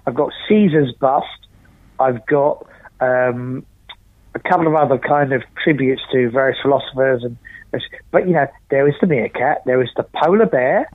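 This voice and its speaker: In a mid-range voice at normal speed, a man chats casually as a podcast guest, speaking in an emphatic, theatrical, rhetorical manner. The audio is dry and comes over a tinny phone line.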